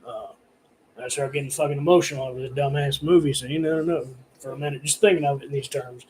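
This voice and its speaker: A man's voice: medium pitch, fairly even intonation, quick pace, a little mellow, slight background noise, rough recording. A man ranting casually to camera about horror movies, swearing often and rambling with lots of fillers. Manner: heavily profane, rambling, filler-laden. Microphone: camera recording himself.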